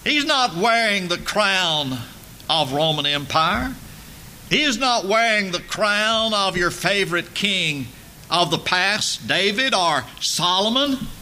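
High, bright-toned slow preacher man. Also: expressive, a little hiss or hum. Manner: emphatic, building to loud dramatic peaks. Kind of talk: sermon.

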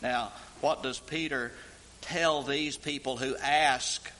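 Slow, bright-voiced male preacher. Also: mid-range voice, fairly even intonation, a little hiss or hum, rough recording. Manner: slow, rising to intoned emphatic peaks. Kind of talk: sermon.

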